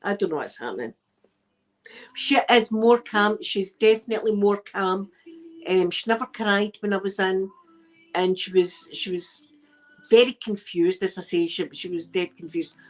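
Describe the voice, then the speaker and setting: A middle-aged woman with a Scottish accent, telling rambling stories in a soft-spoken ASMR chat, using local words like aye and wee. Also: mid-range voice, normal speed, low-quality recording. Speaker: ASMR channel host.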